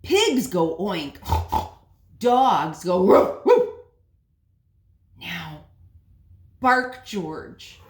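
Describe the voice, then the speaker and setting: A woman voicing a frustrated mother dog who scolds her puppy slowly and loudly in a storybook reading. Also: fairly low pitch, sing-song, reverberant, heavily acted. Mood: insistent. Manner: slow, loud, emphatic.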